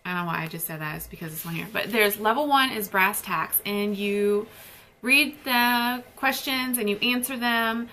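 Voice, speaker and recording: A woman's voice: a little high, sharp tone, a little hiss or hum. A young woman chatting casually and gushing about books she received. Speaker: book vlogger. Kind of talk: casual book haul chat.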